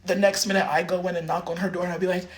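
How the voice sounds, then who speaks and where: A man's voice: sits high, little pitch movement, racing. Rambling man talking casually. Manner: rambling, heavy use of filler words. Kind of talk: casual livestream rant.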